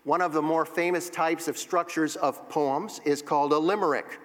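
A man's voice: on the high side, steady tone, normal speed, a bit bright. A man teaching a Bible class, explaining poetry step by step and reading verses aloud. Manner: explanatory, reads verses aloud and taps out rhythms. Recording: long reverb of a hall.

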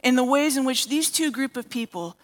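A woman's voice: high voice, animated, fairly quick. A woman preaching a sermon as a therapist, telling a story and acting out the characters' lines.

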